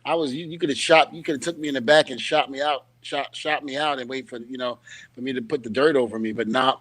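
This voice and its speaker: A man hosting a casual interview, telling stories in an animated, emphatic way. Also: mid-range voice, fast talker, no echo. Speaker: host.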